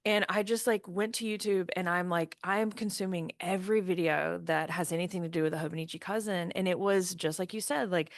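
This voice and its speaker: A woman hosts a podcast and talks things through in a reflective, easygoing way. Her voice sits slightly low. The recording is dry and close, with no room sound. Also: steady tone, fairly quick, hardly any pauses, dry recording. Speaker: podcast host. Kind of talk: casual chat.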